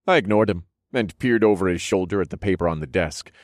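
A man reading first-person fantasy audiobook narration in an expressive, wry storytelling manner. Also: deep voice, a little fast, dry recording, clean studio sound.

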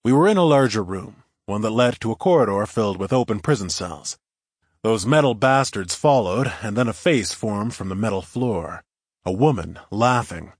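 A man narrates a first-person audiobook in a wry, conversational manner. His voice sits on the low side. The recording is dry and close, with no room sound. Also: expressive, moderate pace, slightly rough, dry recording.

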